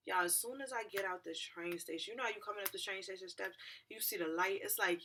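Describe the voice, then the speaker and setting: A young woman telling a story to her viewers in a lively, profane, slangy way. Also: mid-range voice, fast talker. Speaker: vlogger. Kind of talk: storytime vlog.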